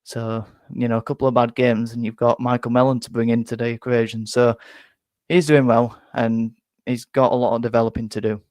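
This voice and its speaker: A man's voice: mid-range voice, little pitch movement, brisk, darkish tone, no room sound. A young man chatting casually on a fan live stream, rambling and restarting words as he reads out viewer comments. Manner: rambling, self-interrupting, repeats words. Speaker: fan channel host.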